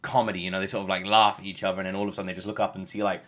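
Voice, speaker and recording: A man hosting a music reaction, talking casually and effusively, rambling with halting restarts and some swearing. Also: low voice, level tone, fairly bright tone. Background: game soundtrack playing faintly.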